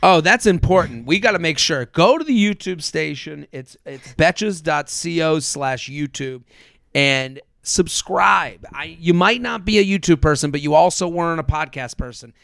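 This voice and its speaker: Gravelly-voiced chatty man, dry mic. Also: on the high side, animated, normal speed, a bit bright, no echo. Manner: rambling, lots of fillers and restarts. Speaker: comedian and podcast guest. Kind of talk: casual podcast chat.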